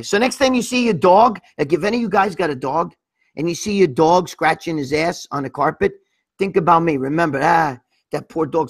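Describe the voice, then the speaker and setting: A middle-aged man telling crude stories on a livestream, loose and rambling, with a lot of cursing. His voice sits high for a man and has a husky, raspy edge. He keeps circling back with "you know what I mean?". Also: a bit bright. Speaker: livestream host reading viewer comments. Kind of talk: crude casual storytelling.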